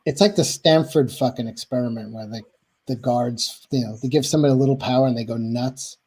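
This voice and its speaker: A man's voice: medium pitch, a little fast, mellow, breathy edge. Male co-host, middle voice, loose and rambling, swears freely. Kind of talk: casual chat.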